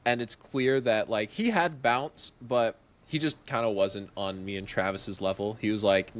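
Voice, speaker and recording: With a lowish voice and a slightly slow delivery, a young man on a podcast recounts a story animatedly and informally. He laughs a lot and acts out the dialogue of the people involved.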